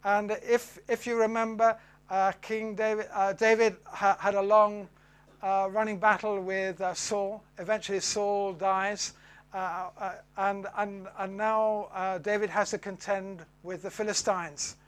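A man with a fairly high voice gives a Bible teaching talk. He pauses often with fillers, and his voice drops off at the end of each phrase. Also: flat delivery, smooth. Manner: hesitant, many fillers, voice falls away at phrase ends.

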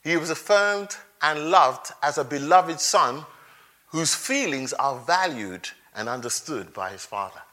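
A man preaching a sermon in an animated way, laughing between points and acting out the quotes he reads. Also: a little high, measured pace.

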